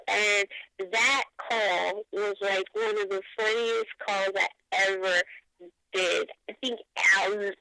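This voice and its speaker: A middle-aged woman, a radio show guest, telling profane, animated stories in a casual interview. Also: medium pitch, gravelly, rough recording.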